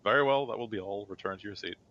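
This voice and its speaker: A man's voice: lowish voice, rapid-fire, a bit bright. A man doing an indignant Inquisitor judge. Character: stern male Inquisitor judge, quick to anger. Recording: dull lo-fi recording.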